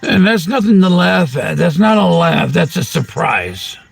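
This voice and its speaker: A man hosting his own channel, delivering a rambling spiritual monologue full of wordplay and rhymes, with sudden loud bursts. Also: fairly high pitch, animated, measured pace, vocal fry, breathy edge, faint music behind. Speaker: channel host.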